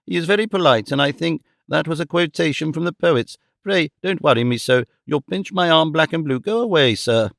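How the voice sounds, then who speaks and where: A man's voice: on the high side, animated, a little fast, vocal fry, few pauses, a bit bright, no echo, studio quality. A man voicing a flustered, easily offended genteel mother in an audiobook reading. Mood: indignant. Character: flustered genteel middle-aged mother, indignant.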